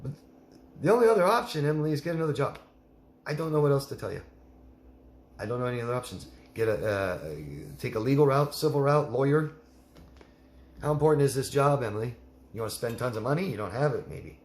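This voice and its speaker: A man's voice: medium pitch, expressive, quick pace, long pauses, echoey room. A man coaching a listener in a live Q&A, blunt and emphatic, repeating her name as he gives advice. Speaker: life coach.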